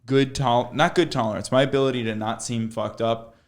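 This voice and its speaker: A man's voice: medium pitch, steady tone, fairly quick. A man hosting a casual podcast, a stand-up comic who tells stories with lots of swearing and "dude," a bit tipsy from drinking. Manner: profane, storytelling, says "dude" a lot.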